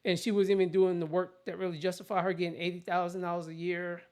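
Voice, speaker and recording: In a fast, level, somewhat dark middle-pitched voice, a host rants about politics casually, bluntly, and with strong opinions. The language stays plain and everyday, with sentences that often cut off and restart.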